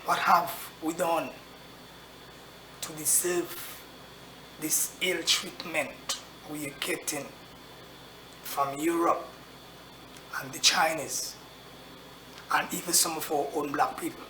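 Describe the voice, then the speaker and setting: Man, impassioned address to camera, bright edge, slow deliberate delivery, echoey room recording. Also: fairly high pitch, fairly even intonation, a little hiss or hum. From Caribbean. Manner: slow, grave, repeats rhetorical questions. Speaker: actor addressing his audience. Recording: roomy echo, faint ambience.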